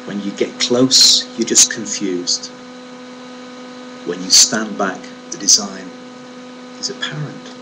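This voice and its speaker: A man's voice: lowish voice, slow, long pauses. A man giving a reflective devotional talk on a Bible verse, emphatic and fond of rhetorical questions. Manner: emphatic, rhetorical questions, stresses key words. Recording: steady mains hum under the voice.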